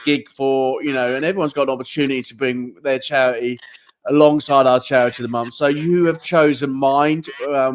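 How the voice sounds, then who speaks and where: A man hosting a casual interview, with jokey, upbeat presenter patter. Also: mid-range voice. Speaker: host.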